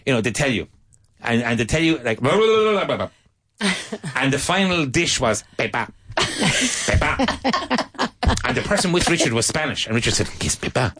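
A man from Ireland teaching English in a relaxed conversational lesson, telling anecdotes and often mimicking regional accents. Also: medium pitch, quick pace, background noise.

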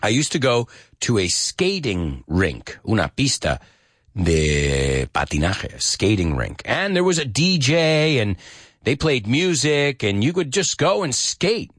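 Lively-voiced man teaching English through song. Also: medium pitch, measured pace, husky, no echo, clean studio sound. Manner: explains lyrics, sings snippets, switches to Spanish translations. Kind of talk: bilingual English lesson with song lyrics.

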